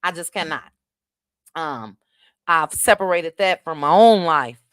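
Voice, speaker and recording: Smooth-voiced Midwestern woman hosting a livestream. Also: deep voice, expressive, unhurried, no room sound, clean studio sound. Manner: chatty, thanks viewers by name, drops "child" asides. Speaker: livestream host. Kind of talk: casual livestream chat reading viewer comments.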